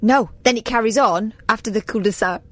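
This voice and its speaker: A woman's voice: a little high, a little fast. Dry, matter-of-fact female co-host. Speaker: radio co-host. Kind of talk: casual radio banter.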